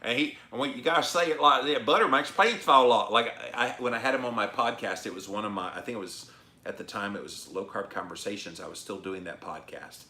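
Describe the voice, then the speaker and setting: Man, middle-aged, live-stream host, emphatic chatty delivery, low bright voice, echoey room. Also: fast. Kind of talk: casual livestream chat reading comments.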